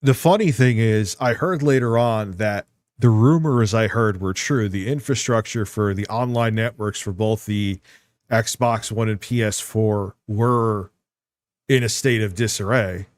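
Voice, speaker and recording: A man's voice: lowish voice, measured pace, no room sound. Rambling, profane male streamer, dry sound. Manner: rambling, profane, self-mocking. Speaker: streamer reacting to a video. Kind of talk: casual live-stream commentary.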